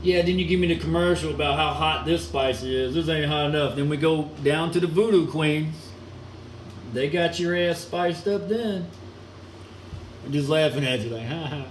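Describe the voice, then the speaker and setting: Guy going off on a profane rambling rant, kinda high voice, echoey room w/ faint ac hum. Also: moderate pace. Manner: crude, mocking, rambling, chuckles often. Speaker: solo ranting vlogger.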